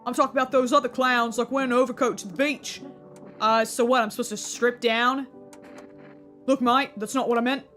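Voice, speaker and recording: A man's voice: extremely high pitch, steady tone, fairly quick, bright, forceful tone, soft background music. An actor playing a grumpy, confrontational male stranger in a video game who talks in slang and calls people mate. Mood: combative.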